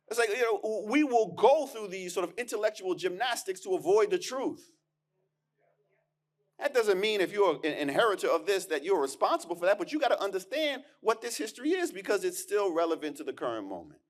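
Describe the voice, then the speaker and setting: A man with a high voice delivers a keynote lecture as a historian. He talks in an emphatic, conversational way, stacking repeated words as he restarts and landing punchy rhetorical asides. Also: lively intonation, brisk. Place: lecture hall.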